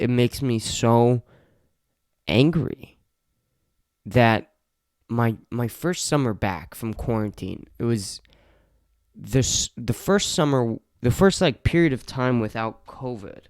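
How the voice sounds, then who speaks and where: Brief: late-teen male solo podcaster, swears constantly, frustrated rant, smooth clean voice, dry close-mic sound. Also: medium pitch, darkish tone, dry recording. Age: late teens. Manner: profane, venting frustration, repeats himself. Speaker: podcast host. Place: home podcast room.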